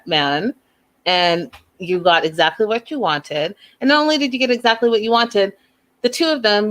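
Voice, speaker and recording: A woman hosting a reality TV recap show, talking in an animated, opinionated way and acting out the quotes. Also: mid-range voice. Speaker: show host reviewing reality TV. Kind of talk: casual recap commentary.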